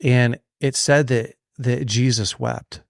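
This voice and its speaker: A man's voice: medium pitch, slow, gravelly, no echo. Earnest storytelling man, dry sound. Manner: earnest, storytelling, frequent restarts. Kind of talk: casual conversation about faith.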